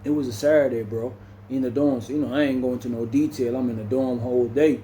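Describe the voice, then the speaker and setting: A man's voice: mid-range voice, fairly even intonation, fast talker, mellow, a little hiss or hum. A man casually telling a prison story, in a loose, slangy way that ends almost every phrase with "bro". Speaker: storyteller recounting prison stories.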